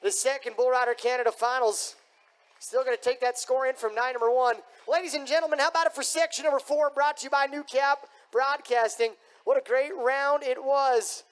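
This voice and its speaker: High-pitched hyped-up rodeo announcer man. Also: fairly even intonation, fairly quick. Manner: booming, hypes the crowd. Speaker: arena announcer. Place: rodeo arena.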